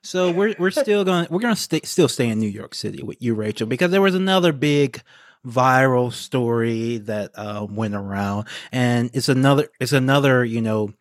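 A man's voice: mid-range voice, expressive, normal speed, no room sound, studio quality. A man hosting a casual political chat podcast, joking and laughing often. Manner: joking, laughs often, reads quotes aloud. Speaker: podcast host.

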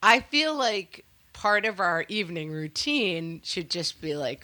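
Woman, 30s, co-host. Bright, lively delivery, playfully dramatic. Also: fairly low pitch, unhurried, no echo. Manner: wry, self-mocking, playfully dramatic. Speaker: podcast co-host. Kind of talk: casual chat.

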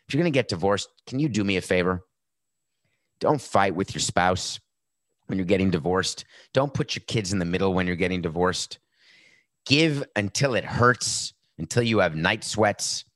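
A man's voice: low voice, fairly bright tone, no room sound. A middle-aged man hosting a sports talk show, giving a brash, sarcastic monologue with a tired, sore voice. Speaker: podcast host.

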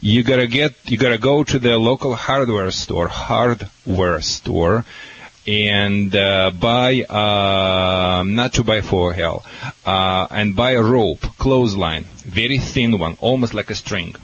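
Blunt Russian-accented dog trainer. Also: male voice, on the low side, slow pace, a bit bright, muffled recording, a little hiss or hum. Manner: blunt, boastful, boisterous. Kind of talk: call-in radio advice.

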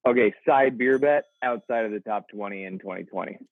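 A man's voice: fairly low pitch, fairly quick, no echo. A man co-hosting a casual fantasy football podcast, blunt and opinionated. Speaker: podcast co-host. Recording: tinny phone-like remote line.

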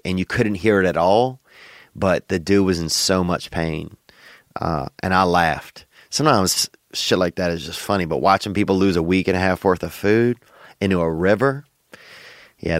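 A young man hosts a podcast with a low, relaxed voice, drawling and joking in slang. The sound is dry and close, with no room around it. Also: moderate pace, no room sound. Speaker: podcast host. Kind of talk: casual comedic chat.

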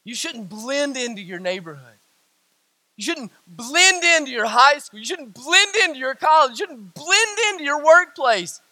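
A middle-aged male pastor preaching in a church, his voice unusually high and bright. He builds through emphatic, repeated lines and sinks low and hushed when he tells a story. The sound is dry and close. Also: sing-song, normal speed, no room sound. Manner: preaching with rising emphatic repetition; drops low and quiet for stories. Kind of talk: sermon.

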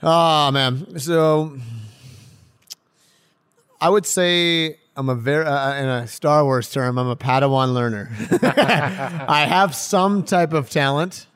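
Excitable, laughing young man, smooth voice. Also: a little high, slow, no echo, clean studio sound. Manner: excitable, laughs often, rambling with restarts. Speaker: pro hockey player guest. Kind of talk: casual interview chat.

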